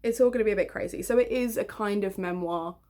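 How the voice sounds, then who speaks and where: A woman in her twenties chatting in a get-ready-with-me vlog, self-mocking and quick to laugh, talking to the camera at home. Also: medium pitch, warm tone. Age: 20s. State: hair still wet. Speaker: vlogger and author.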